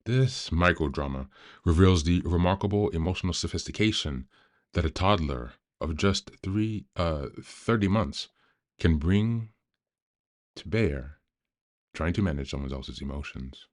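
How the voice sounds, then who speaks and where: Man, extremely low voice, calm, measured, reads a book aloud, podcast host.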